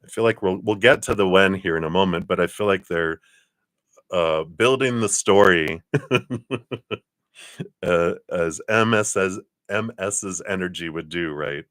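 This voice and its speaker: A man's voice: low voice, measured pace, a bit bright, dry recording, studio quality. A man giving a casual live-stream tarot reading, chatty and laughing often as he acts out little quoted lines. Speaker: tarot card reader.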